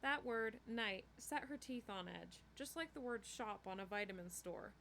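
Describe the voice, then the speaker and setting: A woman reading a novel chapter aloud in a steady storytelling way. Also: medium pitch, moderate pace, creaky, a little hiss or hum. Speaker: book reader.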